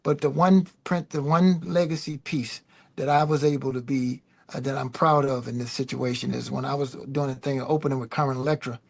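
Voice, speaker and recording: A middle-aged man, a guest musician, telling loose, animated stories in a casual chat. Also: mid-range voice, brisk, creaky. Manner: animated, loose, peppered with "man" and "you know". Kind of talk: casual storytelling.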